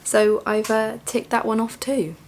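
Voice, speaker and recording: A woman's voice: a little high, flat delivery, unhurried. A young woman vlogger chatting casually and musing to herself as she reacts. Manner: chatty, musing, self-reflective.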